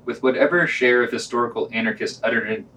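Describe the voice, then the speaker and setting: A man co-hosting a podcast, reading short reviews and asking questions in a measured, plain way. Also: mid-range voice, sharp tone, slight background noise. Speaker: podcast co-host. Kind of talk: podcast reviews and casual discussion.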